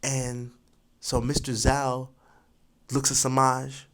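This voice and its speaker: A young man in his twenties telling a school story casually, animated and full of fillers like "you know". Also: medium pitch, slow. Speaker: vlogger.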